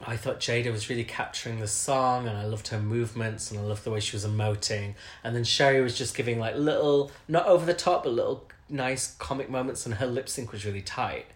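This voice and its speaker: A man's voice: mid-range voice, fairly quick, hardly any pauses. A man co-hosting a casual podcast chat, teasing and laughing often. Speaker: podcast co-host. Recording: roomy echo.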